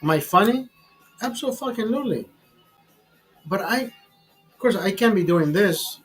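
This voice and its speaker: Soft music plays behind this rough recording of a high-pitched, animated man talking a little slowly. He's hosting his own livestream while drinking, boastful and tipsy, and his casual rant is crude and constantly profane.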